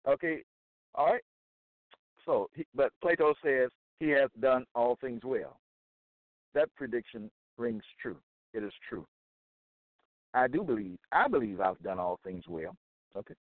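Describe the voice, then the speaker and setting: A man's voice: mid-range voice, animated, dry recording. Man preaching over a tinny line. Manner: deliberate, quotes verses, checks in with "okay?". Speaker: self-styled religious teacher. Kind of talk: scripture-reading monologue. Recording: tinny phone-like dry recording.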